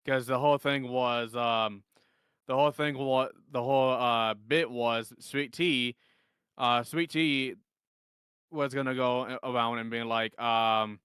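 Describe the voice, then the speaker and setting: A man's voice: mid-range voice, fairly even intonation, a little slow, a bit bright, smooth, dry recording, studio quality. A young man rambling and swearing as he tells a story in a casual live-stream chat. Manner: rambling, profane, restarts often. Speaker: guest streamer.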